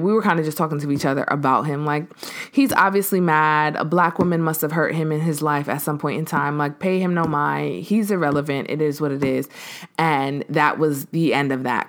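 Lively storytelling woman, lower voice. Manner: animated, acts out quoted voices, frequent fillers. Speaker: podcast host. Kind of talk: casual storytelling monologue.

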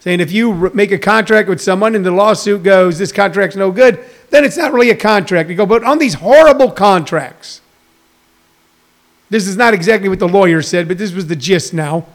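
A man's voice: high-pitched, fast, hardly any pauses. A man in his sixties, a comedian, talking casually and jokily to viewers on a live stream, rambling through stories and news. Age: 60s. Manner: rambling, jokey, addresses viewers directly.

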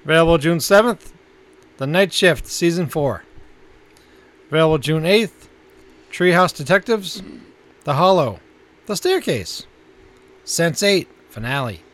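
Lively, slightly high-voiced man co-host. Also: measured pace, long pauses. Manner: laid-back, chuckles often. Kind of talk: casual chat, reading a release list.

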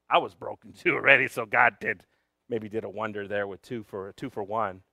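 A man preaching a sermon, telling a personal story with big swings from loud shouting down to a near whisper, sometimes switching to Spanish for the congregation. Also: on the low side, brisk, vocal fry, dry recording, clean studio sound. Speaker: pastor.

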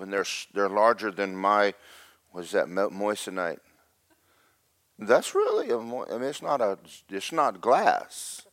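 A middle-aged man preaching a sermon, telling a story in loud bursts that drop to hushed asides. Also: lowish voice, no room sound, clean studio sound. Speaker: pastor.

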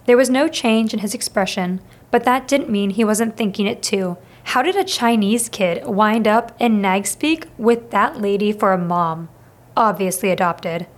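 A woman narrating a children's novel aloud in a steady, expressive reading. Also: mid-range voice, a little slow. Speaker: audiobook reader. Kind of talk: scripted storybook narration.

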